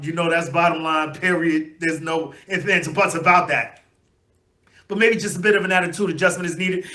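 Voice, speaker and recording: A man hosting his own fan channel, talking in rambling, heartfelt commentary with lots of fillers and sudden excited outbursts. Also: high voice. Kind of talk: emotional solo fan commentary.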